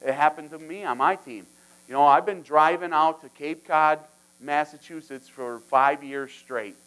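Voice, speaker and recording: A man's voice: fairly high pitch, moderate pace, a bit bright, smooth, poor audio. A man telling a long story to an audience at a sales training, acting out phone conversations in quoted lines.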